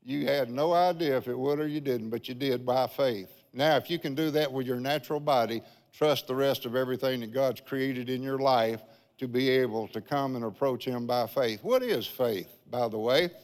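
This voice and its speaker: A man's voice: mid-range voice, normal speed. An older man preaching a sermon in a church, telling a folksy personal testimony and often calling out "Amen" to the congregation. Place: large church sanctuary. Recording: long church-hall reverb.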